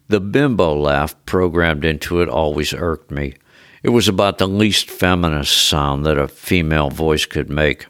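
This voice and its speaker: A man narrates a first-person story in a wry, conversational manner. His voice sits very low. The recording is dry and close. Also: unhurried, fairly bright tone, clear, resonant tone, dry recording.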